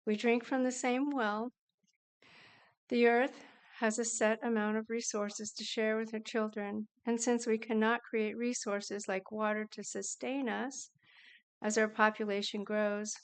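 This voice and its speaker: A woman reads a prepared statement in a smooth, clear voice. Her pitch sits fairly high but stays flat and even. She speaks in a measured, earnest way. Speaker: public commenter. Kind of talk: prepared statement at a council meeting.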